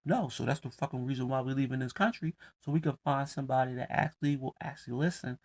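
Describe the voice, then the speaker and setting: A man with talks to the camera in a blunt, heated rant full of profanity. His voice has a rough, gravelly edge and sits at an ordinary middle pitch. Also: fast, a little mellow. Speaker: commentator.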